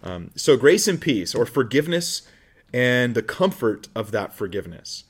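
Pastor, male, mid pitch, conversational sermon delivery, animated asides. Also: moderate pace, breathy edge. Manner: conversational, animated, acts out quoted voices.

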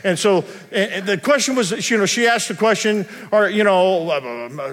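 A male pastor, preaching a sermon in a conversational, humorous storytelling manner that slows into earnest preaching. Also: high-pitched, lively intonation, a bit bright. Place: large church sanctuary. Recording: long reverb of a large hall.

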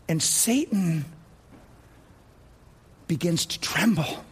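A man preaching a sermon as pastor, telling a story dramatically and dropping to low, quiet tones for effect. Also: sing-song, slow, long pauses, slightly rough.

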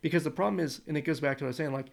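A man's voice: fairly high pitch, rapid-fire, gravelly. An American man in casual conversation, thinking aloud in long rambling turns full of restarts.

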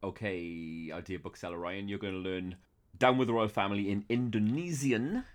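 A man's voice: fairly low pitch, moderate pace. A man co-hosting a podcast, chatting playfully and swearing casually. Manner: playful, swears casually, hams up foreign phrases. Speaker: podcast co-host.

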